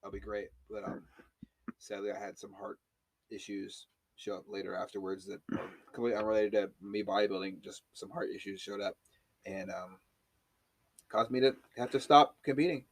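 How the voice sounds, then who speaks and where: A man hosting a casual podcast chat, telling stories in an animated way and swearing freely. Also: on the low side, normal speed, no room sound.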